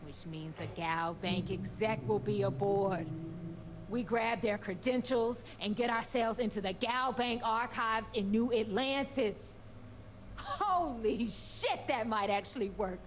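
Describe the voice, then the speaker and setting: A woman voicing a sharp, eager female crew member in a video game, with quick, excitable retorts. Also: on the high side, a little hiss or hum, natural voice. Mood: excited. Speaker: game character.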